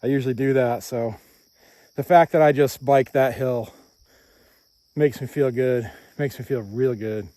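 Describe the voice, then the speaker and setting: A man's voice: mid-range voice, measured pace, long pauses, dark tone, no echo. Upbeat man vlogging outdoors. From New Hampshire, USA. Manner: upbeat, repetitive, laughs often. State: out of breath while walking uphill. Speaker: hiking vlogger. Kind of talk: casual outdoor vlog. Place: outdoors on hilly rural roads and hilltops. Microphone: handheld phone camera.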